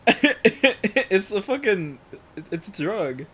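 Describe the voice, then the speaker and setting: A man's voice: sits high, big pitch swings, takes it slowly, a bit bright, husky. A young man hosting a let's play, chatting casually and jokingly with friends and swearing freely. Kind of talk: casual chat over gameplay.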